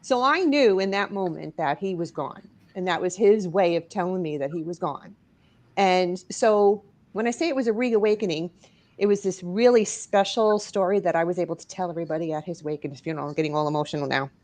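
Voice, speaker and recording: A middle-aged woman from New York, a guest author and paranormal investigator, telling an emotional personal story in a studio. She is expressive, rising and dropping her voice as she goes. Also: fairly low pitch, a little fast. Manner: expressive, rises and drops as she tells the story.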